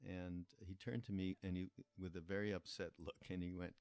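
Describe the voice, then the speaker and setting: An older man hosting a podcast, telling a story in a reflective, meandering way with pauses and restarts. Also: low-pitched, flat delivery, a little mellow, clean tone, dry recording. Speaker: podcast host. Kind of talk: casual spoken storytelling.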